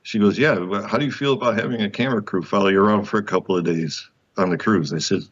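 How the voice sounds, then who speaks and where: A man with a very low voice tells a personal story as an interview guest. He is animated, acts out what people said, and laughs often. The sound is muffled and lo-fi. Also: fast talker, few pauses. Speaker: guest author.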